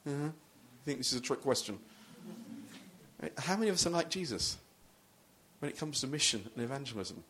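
A man's voice: medium pitch, animated, a little fast, a bit bright, slight background noise. A man, a pastor, preaching a sermon in a loose, conversational storytelling way with frequent restarts.

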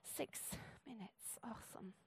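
A woman preaching a sermon in a church. She talks fast and sounds playful and full of energy. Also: no room sound. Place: church stage.

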